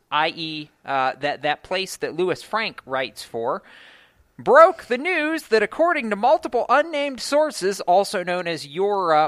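A man's voice: high-pitched, fairly bright tone, no echo, clean studio sound. Joking male sports radio host. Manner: playful, joking banter. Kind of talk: casual sports radio chat. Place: radio studio.

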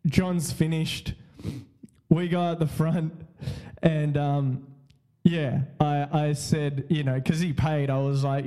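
High-voiced man telling stories. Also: little pitch movement, slow pace, dark tone. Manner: rambling, repetitive, laughs often, swears freely. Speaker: podcast host. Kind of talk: casual storytelling.

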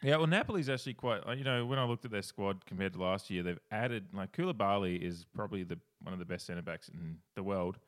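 A man's voice: low-pitched, fast talker, few pauses, a bit bright. An Australian man co-hosting a podcast in casual chat, laughing often and swearing freely. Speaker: podcast co-host.

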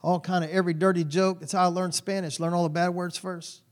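A man in his forties preaching a sermon, telling folksy stories with sudden loud bursts. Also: sits high, flat delivery, fast talker. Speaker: pastor.

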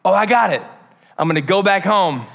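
A man's voice: sits high, expressive, a little fast, gravelly, a bit bright, full character voice. A man voicing a broke young son who talks himself through a plan and pleads to work as a servant. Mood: desperate. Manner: talking to himself, pleading, bargaining.

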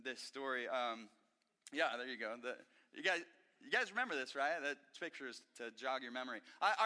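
High, bright-voiced preaching man. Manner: animated and emphatic, frequent restarts. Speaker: pastor. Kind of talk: sermon. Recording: echoey hall reverb.

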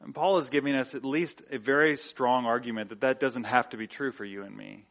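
A man's voice: medium pitch, a bit bright. A man preaching a sermon in a church, talking in a conversational way with rhetorical questions and frequent filler words. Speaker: pastor.

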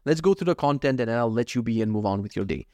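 A man's voice: medium pitch, expressive, fast, darkish tone, no echo. A man in his thirties hosting a casual solo podcast, rambling and self-deprecating and swearing freely as he talks from his home office. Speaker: podcast host.

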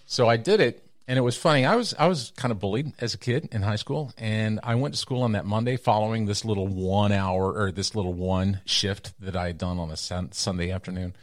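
A man in middle age, from Texas, talks in a low, grounded voice, recorded close and dry with no room sound. He tells stories in a relaxed way and jumps far up in pitch when he quotes other people. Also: brisk, few pauses, no echo. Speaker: guest storyteller. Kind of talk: casual storytelling interview.

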